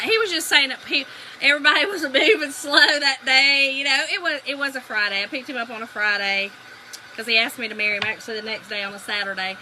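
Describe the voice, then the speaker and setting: The audio is poor, with slight background noise, and her high-pitched voice is fast with a sharp tone. She's a Southern US woman hosting a casual crafting livestream, telling stories and chatting with viewers she calls y'all.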